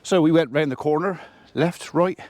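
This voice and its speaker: This farmer vlogger's voice is on the high side and darkish in tone, recorded dry, at a normal speed. He chats to camera in a relaxed, rambling way, recounting his day and quoting conversations.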